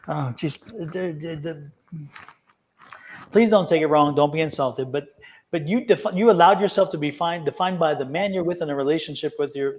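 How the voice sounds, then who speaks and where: A man tarot reader giving careful, encouraging advice in a casual live reading, sometimes hesitating over his words. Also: fairly high pitch.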